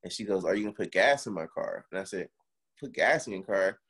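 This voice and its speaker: Man, young adult, low voice, casual storytelling, swears, acts out quotes. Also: expressive, a little fast, a bit bright, slightly rough. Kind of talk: casual chat, telling a story.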